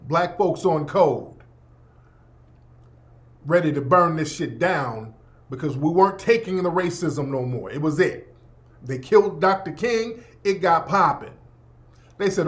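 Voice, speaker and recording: A man's voice: high voice, animated, a little slow. A man hosting a radio show, delivering a blunt, profane, emphatic opinion monologue. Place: Los Angeles.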